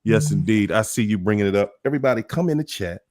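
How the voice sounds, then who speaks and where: A man hosting a casual livestream, greeting chat viewers by name in an animated way, drawing out names and laughing often. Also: lowish voice, fast. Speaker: livestream host.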